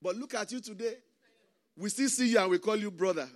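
A man, a pastor preaching a sermon with impassioned swings between loud emphasis and hushed asides. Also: high-pitched, brisk. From Nigeria.

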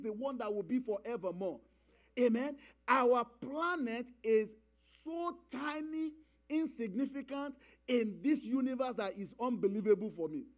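A man's voice: high voice, lo-fi sound. A man preaching a sermon, emphatic, repeating key phrases and calling for responses from the congregation.

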